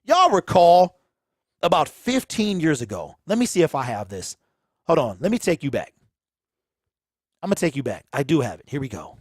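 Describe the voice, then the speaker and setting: Animated, high-pitched sports host ranting. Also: male voice, moderate pace, pauses often, slightly rough, no room sound. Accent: Michigan. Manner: animated, preachy, repeats phrases for emphasis. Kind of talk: casual sports commentary rant. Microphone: close mic, pops on plosives.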